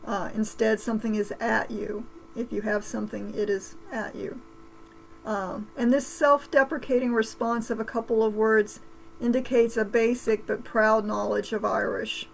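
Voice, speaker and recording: A woman's voice: on the high side, little pitch movement, moderate pace, vocal fry, slight background noise, low-quality recording. A woman giving a wry, informative preview of the class she teaches, speaking over a video call. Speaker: course instructor.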